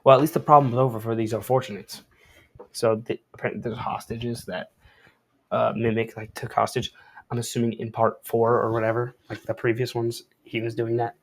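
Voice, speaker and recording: A young adult man with a medium-pitched, level voice talks a little fast while reading a comic aloud and commenting on it. His casual read-along commentary is full of easy slang and laid-back, hedging asides.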